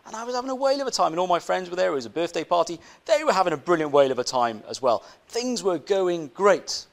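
A man's voice: high voice, animated, quick pace, creaky. A male preacher giving a conversational sermon, telling a personal story, often asking the congregation rhetorical questions and repeating his phrases.

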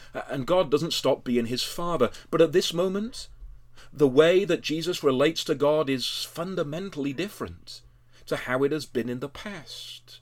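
A man preaching a sermon, earnest and measured, building to emphatic high passages, with frequent "uh" fillers. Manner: earnest, rising to emphatic peaks with tag questions.

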